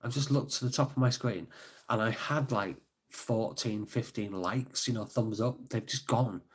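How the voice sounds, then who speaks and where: A man's voice: medium pitch, normal speed, breathy edge. A man chatting casually on a live stream, rambling and easygoing as he reads out viewer comments. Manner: rambling, laughs easily, reads chat comments aloud. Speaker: livestreamer and author.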